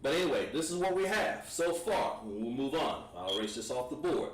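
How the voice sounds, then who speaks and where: A man's voice: medium pitch, animated, recorded from a distance. Patient male teacher in echoey room. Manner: patient, encouraging, repeats words slowly. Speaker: Hebrew language teacher. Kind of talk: classroom lesson at a board.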